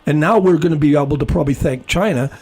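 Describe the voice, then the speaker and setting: A man's voice: on the high side, fast talker, darkish tone, slightly rough. A man co-hosting a podcast, telling rambling, indignant stories in a casual chat. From Canada. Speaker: podcast co-host.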